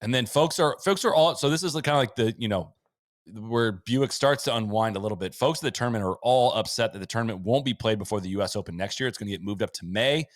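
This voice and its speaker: A man with a lowish voice hosts a casual podcast chat, reeling off season results and stats in quick lists. His voice sounds close and dry, with no room behind it. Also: no room sound. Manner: rattles off lists of stats, quick asides and chuckles. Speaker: podcast host.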